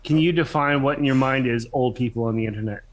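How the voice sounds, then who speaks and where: A man on a casual live stream panel with a middle-pitched voice. He presses the others with pointed questions and pushes back quickly when he disagrees. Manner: probing, questioning, quick to challenge. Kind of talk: casual livestream chat.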